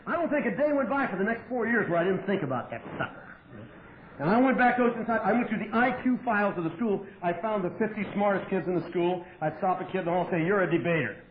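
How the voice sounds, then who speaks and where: A man telling his story at a recovery meeting, wry and profane, with sudden loud outbursts. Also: high-pitched, lively intonation, fast talker. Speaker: AA meeting speaker. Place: meeting hall with audience. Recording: tinny lo-fi 1988 tape with faint hiss.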